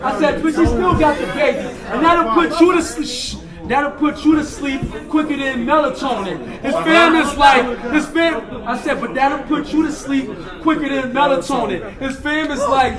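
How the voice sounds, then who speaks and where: Brief: high-pitched male battle rapper, shouted punchlines, echoey hall, crowd noise behind. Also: expressive, measured pace. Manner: loud, punchy, repeats lines and laughs at his own bars. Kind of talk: battle rap performance. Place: large indoor hall. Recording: echoey hall, distant mic, loud crowd.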